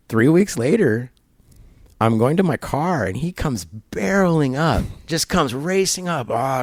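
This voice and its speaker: A middle-aged man telling a long personal story in an interview at a barbershop, halting and rambling, acting out the people he quotes. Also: medium pitch, gravelly, a little mellow, no echo. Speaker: guest.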